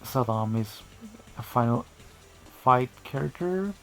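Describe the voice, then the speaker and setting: Gravelly-voiced man rambling casually. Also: medium pitch, expressive, takes it slowly, fairly bright tone, faint music behind. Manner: rambling, frequent restarts and asides. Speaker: video creator.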